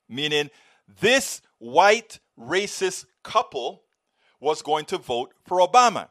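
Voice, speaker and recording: A man's voice: on the high side, sing-song, slow, fairly bright tone. A man speaking as an author in a heated discussion, making points emphatically, repeating himself and telling anecdotes. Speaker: author and guest. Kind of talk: impassioned discussion.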